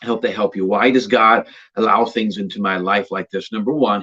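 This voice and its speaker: A man preaching a devotional message with a husky, slightly breathy voice. He is earnest, swelling to emphatic highs before sinking into quiet, intimate lines. The sound is dull and lo-fi, like a livestream. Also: steady tone, fairly quick. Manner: earnest, builds to emphatic rises then drops to a hush. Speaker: pastor. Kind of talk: devotional sermon.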